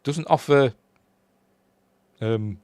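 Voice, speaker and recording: This film reviewer from Yorkshire, England, rambles and chuckles his way through a casual recap of a horror film, quoting characters in a raised voice. His mid-range voice is slightly mellow and very slow, recorded clean with no echo.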